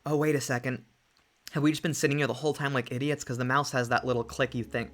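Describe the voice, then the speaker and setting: Excitable, jokey woman streamer. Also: rumbling low. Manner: excitable, jokey, quick asides. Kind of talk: casual let's-play chat. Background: soft lofi music.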